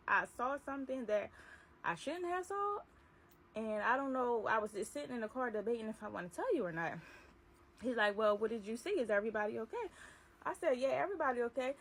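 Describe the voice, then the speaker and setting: A young adult woman vlogger telling a personal story casually, acting out the dialogue in an animated way. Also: high voice, brisk. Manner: animated retelling, acts out dialogue. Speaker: vlogger, delivery driver.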